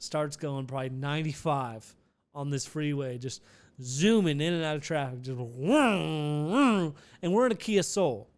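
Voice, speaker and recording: A man's voice: fairly high pitch, clear, resonant tone. A man telling a casual, rambling vlog story with many restarts and some profanity.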